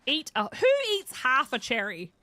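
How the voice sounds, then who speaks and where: Lively chatty Northern Irish woman streamer. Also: on the high side, moderate pace, dry recording. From Northern Ireland. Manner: chatty and self-mocking, answers chat, laughs often. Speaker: game streamer. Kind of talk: casual live-stream chat while playing.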